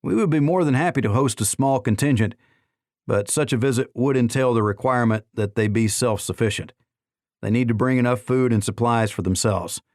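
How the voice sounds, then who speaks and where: A man voicing a polished male secretary of state who speaks in a smooth, diplomatic and cool way. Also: medium pitch, fairly quick, a little mellow, no echo, studio quality, lightly acted.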